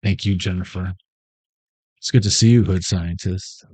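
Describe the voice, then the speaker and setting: A man's voice: low-pitched, steady tone, normal speed, a little mellow, breathy edge, no room sound. A man hosting a casual tarot reading vlog, full of playful jokes and asides. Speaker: tarot reader.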